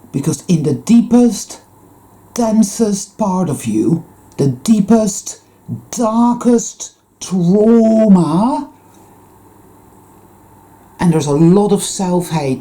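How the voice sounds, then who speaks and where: A woman's voice: fairly low pitch, mellow. A woman giving an intense, rambling spiritual monologue to her viewers, full of swearing. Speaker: spiritual vlogger.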